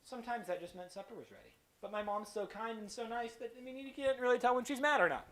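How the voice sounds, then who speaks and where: A man giving a lively children's church sermon, telling stories and acting out voices. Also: very high-pitched, fast. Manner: animated storyteller, acts out voices. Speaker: kids church preacher.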